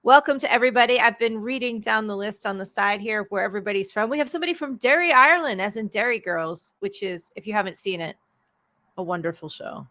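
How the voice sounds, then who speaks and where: Bright-voiced woman, playful banter. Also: medium pitch, quick pace. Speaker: author interviewer. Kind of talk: casual chat.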